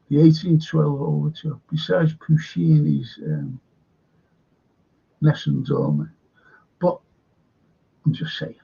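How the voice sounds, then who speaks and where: Man, slow gravelly talker, halting, sarcastic rant, lo-fi sound. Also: fairly high pitch, dark tone. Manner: halting, repeats words, sarcastic. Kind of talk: rambling opinionated monologue.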